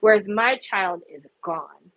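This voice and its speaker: A woman's voice: medium pitch, slow pace, highs cut off. A woman giving impassioned, profane casual commentary, her voice rising in anguished outbursts. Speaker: K-pop commentary vlogger.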